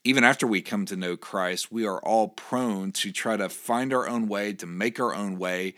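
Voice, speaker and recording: A man's voice: fairly low pitch, normal speed, fairly bright tone. A male pastor giving a short, earnest devotional sermon, reading scripture aloud and encouraging his listeners.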